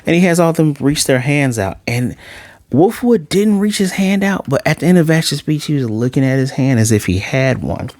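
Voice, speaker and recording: A man giving a casual anime episode review. He retells scenes in an animated way, using "like" a lot and often restarting his sentences. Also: mid-range voice, brisk, hardly any pauses, no room sound, studio quality.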